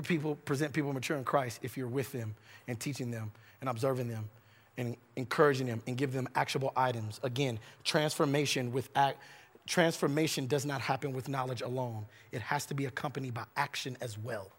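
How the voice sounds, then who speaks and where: A man's voice: mid-range voice, fairly even intonation, fairly quick, in a large hall. A male pastor preaching a sermon, building emphatic repeated phrases and stumbling into restarts now and then.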